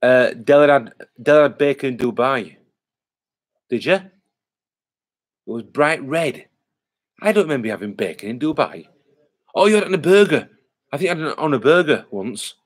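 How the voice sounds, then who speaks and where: A man hosts a casual live stream, answering viewer comments as they come in. He rambles, circles back and restarts his sentences, with lots of "uh" and "um" along the way. His voice sits at an ordinary middle pitch. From England. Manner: rambling, chatty, many fillers and restarts. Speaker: vlogger hosting a live stream.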